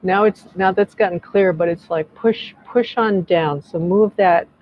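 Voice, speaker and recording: A woman leading a group energy clearing over a video call, speaking softly and encouragingly, meandering with frequent restarts. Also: fairly low pitch, measured pace, muffled recording.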